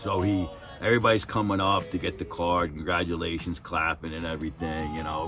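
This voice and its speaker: In this casual storytelling, a man in his 50s, a retired electrician, rambles and swears through tales of his former work, leaning on the phrase "and everything." He talks briskly with few pauses in a low, steady voice, and music plays in the background.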